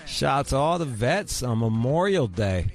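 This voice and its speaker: A man's voice: medium pitch, sing-song, moderate pace, soft background music. Brash man hosting an uncensored radio show. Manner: crude, brash, rambling. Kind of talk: casual uncensored radio chat. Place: radio studio.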